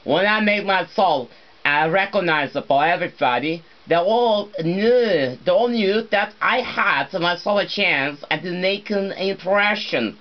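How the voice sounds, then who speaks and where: Halting man rambling to camera. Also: sits high, muffled recording. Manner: halting, full of fillers and restarts, non-native phrasing. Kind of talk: rambling solo monologue.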